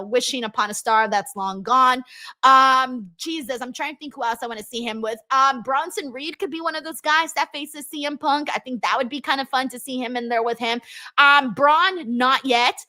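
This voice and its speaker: A woman in her thirties hosts a casual live stream, chatting loosely and reading viewer comments aloud with frequent ums. Her voice sits a little high and sounds clear and bright. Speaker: host reading live chat.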